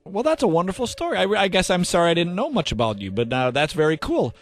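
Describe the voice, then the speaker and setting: A male radio host in comedy banter, sarcastic and teasing. His voice sits a bit high and swings widely in pitch. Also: sing-song, fast talker, soft background music.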